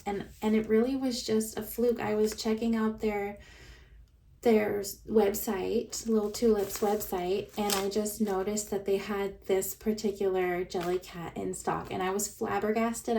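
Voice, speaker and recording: Gushing woman, slow, a bit off-mic. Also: medium pitch, recorded from a distance, slight background noise. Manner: gushing, breathy excitement, frequent laughs. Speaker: plush toy reviewer. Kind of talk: casual unboxing vlog.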